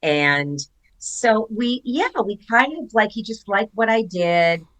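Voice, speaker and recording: A woman's voice: mid-range voice, lively intonation, slow, a bit bright, low-quality recording. An older woman, an actress guest on a podcast, telling stories in casual chat and acting out quoted lines. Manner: chatty storyteller who acts out quotes.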